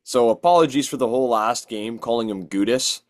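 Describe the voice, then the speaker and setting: A man's voice: mid-range voice, brisk. A man co-hosting a hockey podcast, chatting in an easygoing way and chiming in often. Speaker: podcast co-host and announcer. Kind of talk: casual chat.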